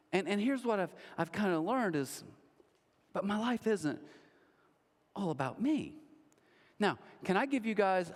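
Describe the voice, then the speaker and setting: A man's voice: sits high, big-room sound. A man preaching a sermon as pastor, telling a story in a joking, self-mocking way. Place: large church auditorium.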